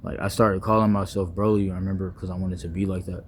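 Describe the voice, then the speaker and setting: A young man, rambling playfully in a casual vlog monologue, full of slang, restarts and deliberately wordy phrasing. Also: sits low, little pitch movement, a little hiss or hum. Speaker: vlogger.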